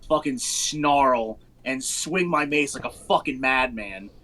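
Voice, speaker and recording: A man playing a tabletop game, talking casually and halting, with plenty of swearing. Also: mid-range voice, bright, forceful tone. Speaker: player.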